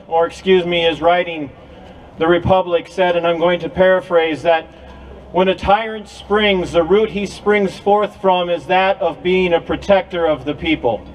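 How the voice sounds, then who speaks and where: A man's voice: high voice, a little hiss or hum, rough recording. A man giving an impassioned speech to a crowd at an outdoor rally, with a preacher-like cadence. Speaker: rally speaker.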